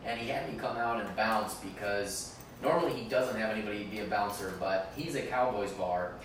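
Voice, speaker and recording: A man's voice: fairly low pitch, brisk. A man hosting a casual podcast, telling stories with a laugh and the odd swear word. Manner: animated storyteller, laughs often, swears. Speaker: podcast host. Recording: roomy room, distant mic, faint noise.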